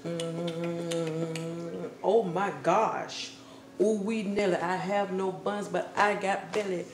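A woman vlogger retelling a tale in a loose, slangy, comic style, full of animated asides. Her voice rings in a bare, echoey room. A faint hiss sits underneath. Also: fairly low pitch. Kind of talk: comic casual storytelling.

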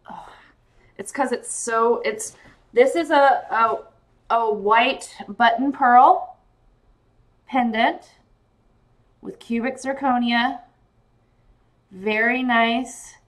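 Woman, live-stream seller, excitable, gushing, giddy, tired, slightly high voice. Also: extremely slow, long pauses. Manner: excitable, gushing, addresses viewers by name. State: giddy and tired late at night. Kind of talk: casual live-stream selling chat.

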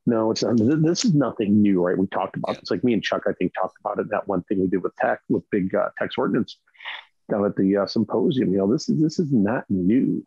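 Brief: low, gravelly male panelist, husky edge, emphatic casual talker. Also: fairly quick, darkish tone, dry recording, lo-fi sound. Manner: emphatic, keeps asking "right?". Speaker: podcast panelist.

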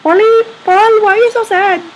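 A woman chatting and rambling in a silly home video, giggly and quick to burst into shouting. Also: very high-pitched, steady tone, slight background noise.

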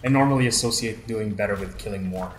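A man playing a video game with a friend, excitable and swearing, with sudden loud yelps and laughs. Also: lowish voice, fast talker. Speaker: gamer co-host. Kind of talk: casual let's-play chat. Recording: roomy echo with faint noise.

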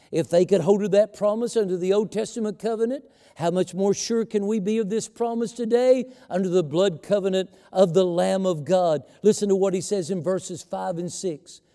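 A middle-aged male pastor preaching a sermon in a church, reading scripture with slow, emphatic phrasing. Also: sits high, mellow. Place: church sanctuary. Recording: long church reverb.

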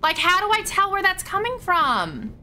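A woman's voice: extremely high pitch, very animated, normal speed, sharp tone, a little hiss or hum. A young woman streaming a horror game live, panicking, shrieking and swearing as she plays. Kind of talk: live gameplay commentary.

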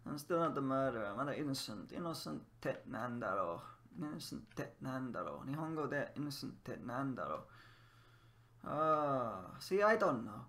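A man's voice: mid-range voice, very animated, quick pace, fairly bright tone. A man casually teaching Japanese words while playing a game, laughing often and drilling phrases by repeating them. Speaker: language teacher. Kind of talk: casual gameplay lesson.

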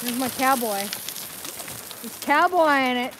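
High-voiced woman chatting on horseback. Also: slow pace, heavy background noise. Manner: chatty, coaxing a dog in a sing-song voice. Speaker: vlogger streaming live. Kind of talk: casual live-stream chat. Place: outdoors on horseback on a trail.

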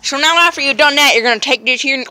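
A young woman making a chaotic, profane comedy vlog who rambles loudly and often breaks into yells. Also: sits high, rapid-fire, dry recording. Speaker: vlogger.

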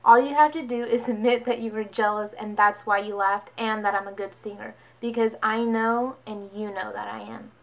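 A woman's voice: medium pitch, normal speed, gravelly, hardly any pauses. A young woman vlogger telling a story casually, switching voices to quote people. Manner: chatty, animated quoting of others.

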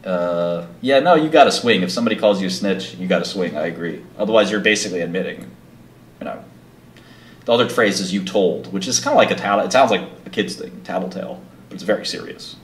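A man's voice: low voice, expressive, quick pace, slight background noise. A man hosting a casual livestream, rambling through stories with lots of filler words. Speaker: livestream host. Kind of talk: casual storytelling chat. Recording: echoey room.

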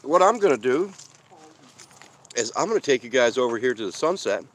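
A man's voice: mid-range voice, big pitch swings, fairly quick. A man casually chatting on a live stream from an outdoor desert campsite, rambling and talking while he eats. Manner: chatty, rambling, reads out viewer comments; talks while eating. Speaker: van-life vlogger hosting a live stream.

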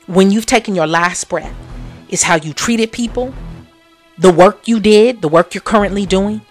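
On her motivational podcast, a female host delivers a preachy talk, repeating phrases for emphasis and shifting between low murmurs and loud exclamations.

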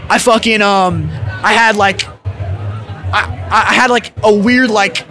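A man's voice: high-pitched, steady tone, a little slow, pushed and bright, a faint crowd. A young adult man, a musician guest in an interview, telling a story in a laid-back, slangy way full of fillers and swearing.

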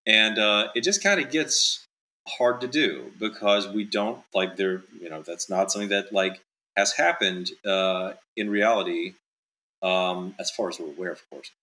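A man's voice: on the low side, measured pace, sharp tone, poor audio. A male author being interviewed in casual chat, talking in loose, rambling sentences full of "like" and "um". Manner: rambling, heavy with fillers like "like" and "um".

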